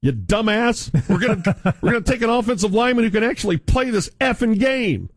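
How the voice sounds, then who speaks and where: A man's voice: sits high, expressive, a little fast, no echo, voice pushed up. A man voicing a grown son bluntly scolding his father, exasperated.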